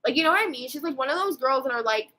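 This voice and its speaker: A woman's voice: high voice, animated, racing, pushed and bright, rough recording. A woman in her twenties telling a rambling storytime rant, swearing freely and full of fillers and restarts. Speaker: vlogger.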